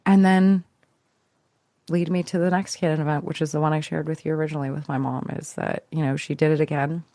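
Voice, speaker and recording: A woman speaks as a podcast guest, recounting her own story with a gravelly edge to her voice. She talks in a reflective, searching way, restarting phrases and letting them trail off. The recording sounds dry and close. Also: low voice, flat delivery, a little fast, warm tone, dry recording. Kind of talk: personal storytelling.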